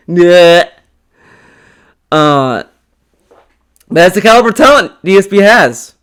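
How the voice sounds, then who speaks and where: A man's voice: high-pitched, expressive, takes it slowly, long pauses, fairly bright tone, clean tone. A man giving casual, mocking commentary on a stream clip, rambling and trailing off. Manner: rambling, mocking, restarts and laughs. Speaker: commentary youtuber.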